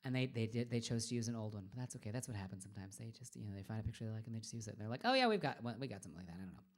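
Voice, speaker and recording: A woman's voice: a bass voice, steady tone, very fast, mellow. Rambling woman in her forties. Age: 40s. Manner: rambling, trails off into murmurs and whispers. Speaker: drag performer hosting a live stream. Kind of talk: casual live-stream chat.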